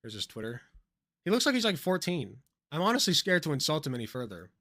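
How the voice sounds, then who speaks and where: A man co-hosts a stream, brash and crude as he mocks. He talks fast in a bright, sharp voice that leaps around in pitch. The sound is dry and close. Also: sing-song, dry recording. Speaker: stream co-host. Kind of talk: reaction stream commentary.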